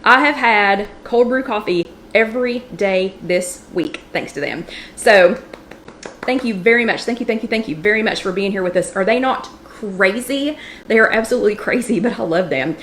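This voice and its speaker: A woman's voice: mid-range voice, moderate pace, a bit bright, a little hiss or hum. A woman hosting a casual livestream from a kitchen showroom, chatting and greeting viewers by name. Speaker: livestream host.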